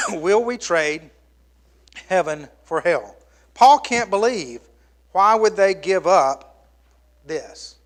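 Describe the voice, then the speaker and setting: A middle-aged man preaching a sermon as pastor, swinging from loud exclamations down to hushed, near-whispered lines. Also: sits high, expressive, takes it slowly, pauses often.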